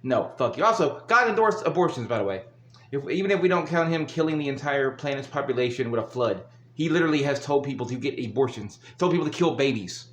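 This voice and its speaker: A man's voice: mid-range voice, expressive, fast, fairly bright tone. A man hosting a reaction video, ranting angrily with heavy swearing and bursts of laughter. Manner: angry, swearing, laughs between rants. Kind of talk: profane ranting commentary. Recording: echoey room.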